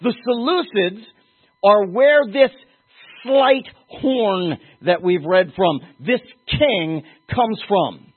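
An older man teaches scripture verse by verse, drifting into emphatic asides as he goes. His voice is husky and sits a little high. The sound is thin and tinny, like a phone line. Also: animated, extremely slow. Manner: conversational, digressive and emphatic. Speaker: Bible teacher. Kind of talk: verse-by-verse Bible lecture.

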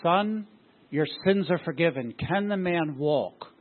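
A man's voice: fairly high pitch, lively intonation, takes it slowly. A man preaching a sermon as pastor, often throwing rhetorical questions at his congregation. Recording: tinny phone-like sound.

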